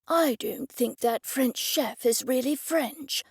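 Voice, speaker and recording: A woman voicing a fussy, haughty gentleman who talks in a pompous stage whisper. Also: sits high, slow pace, slightly rough, dry recording, clean studio sound, full character voice. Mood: conspiratorial.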